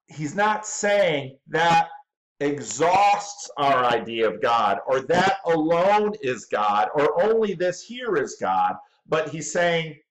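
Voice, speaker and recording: A man's voice: a little high, fairly bright tone, low-quality recording. A male pastor giving running commentary on a video clip, thinking aloud in a stop-start way and repeating words.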